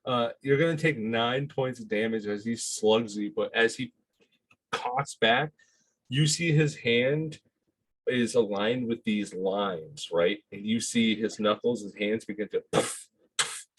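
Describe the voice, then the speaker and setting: A man narrating as game master of a tabletop game, halting with many fillers and frequent laughter. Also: medium pitch, husky.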